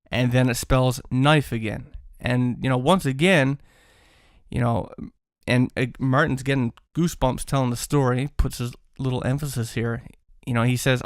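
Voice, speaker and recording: A man's voice: medium pitch, fairly even intonation, normal speed, smooth, dry recording, studio quality. A man telling a paranormal story in a casual, rambling way, full of fillers and restarts.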